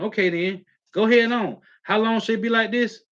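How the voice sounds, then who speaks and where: A man preaching in a slangy, emphatic way, keeping up a steady "man" as he reads and comments on scripture verses. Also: high-pitched, fairly quick. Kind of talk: street-style scripture teaching, reading verses. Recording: muffled lo-fi audio.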